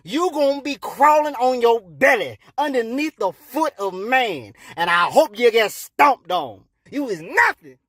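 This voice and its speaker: Blustering God figure, a man putting it on, high, hollering, lively swings, dry sound. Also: normal speed, no room sound. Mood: scolding. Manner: high-pitched hollering and scolding in slang. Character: loud, blustering male God, short-tempered. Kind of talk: comedic storytelling.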